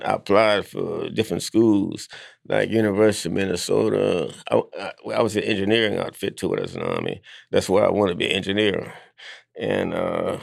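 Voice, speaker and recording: A man, telling his life story as a guest in a halting way with restarts. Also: low-pitched, no room sound. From Alabama. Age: 90s. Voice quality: gravelly. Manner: halting, with restarts and repeated words.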